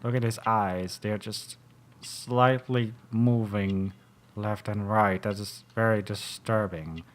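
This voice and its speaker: A man's voice: on the low side, fairly even intonation, takes it slowly. A man commentating a video game playthrough, making mocking jokes in a theatrical way. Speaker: gaming channel host. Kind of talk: let's play commentary.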